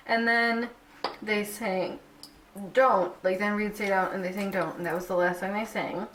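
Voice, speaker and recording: A young woman vlogger recounting a concert in casual chat, full of "like" and quick laughs. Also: medium pitch, bright, forceful tone, a little hiss or hum. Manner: chatty, fillers of "like", giggly. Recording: echoey room, a bit far from mic.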